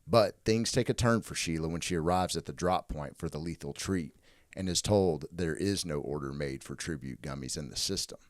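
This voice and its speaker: A man co-hosting a comedy podcast, chatting casually and reading out a movie pitch, often laughing, swearing and restarting his sentences. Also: normal speed, no room sound, studio quality. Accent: Southern American. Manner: laughing, profane, self-interrupting. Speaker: podcast co-host.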